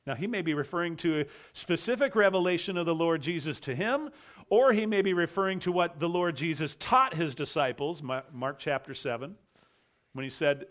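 An American pastor preaches a sermon conversationally, weaving verse readings together with a personal story. His voice is high with lively intonation, a moderate pace and a slightly bright quality.

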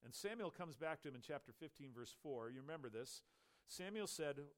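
A man with a mid-range voice preaches a Bible sermon at normal speed, retelling the story with animated storytelling and acting out the characters' lines.

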